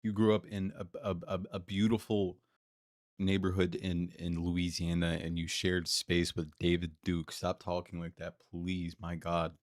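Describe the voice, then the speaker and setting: A man's voice: sits low, flat delivery, a little slow, dry recording, studio quality. A man streaming live, reacting to a clip with exasperated, mocking, profane commentary.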